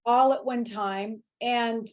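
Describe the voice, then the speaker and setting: A woman's voice: a little high, steady tone, takes it slowly, darkish tone. A woman in her forties, a podcast guest, telling a personal story in candid conversation and acting out her own inner voice. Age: 40s.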